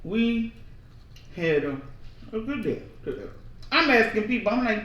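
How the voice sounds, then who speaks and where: A man in casual chat at home, telling slangy, joking stories in an animated way. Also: sits high, measured pace, lo-fi sound. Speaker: co-host of a family channel. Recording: echoey room, a bit far from the mic.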